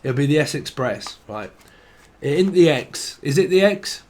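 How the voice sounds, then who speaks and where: A man's voice: fairly high pitch, expressive, moderate pace, a little mellow, slight background noise. A man rambles through a tarot reading, swearing freely and drifting off on tangents. His voice sits a touch above the usual male range. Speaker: tarot reader.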